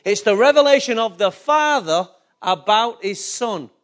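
Speaking a little slowly but with animation, a pastor preaches to his congregation in a remarkably high voice for a man. His sermon is full of questions for the listeners, and he drives his key points home, sometimes almost shouting.

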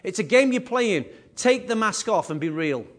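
A man preaching a sermon as pastor, animated and repetitive, with conversational asides. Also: high voice, normal speed. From England.

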